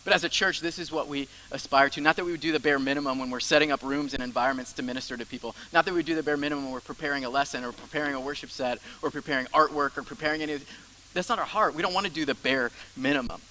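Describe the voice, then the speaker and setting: Bright, emphatic young pastor. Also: male voice, fairly high pitch, rapid-fire, a little hiss or hum, rough recording. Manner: emphatic, with soft drops into grumbling asides. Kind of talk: sermon.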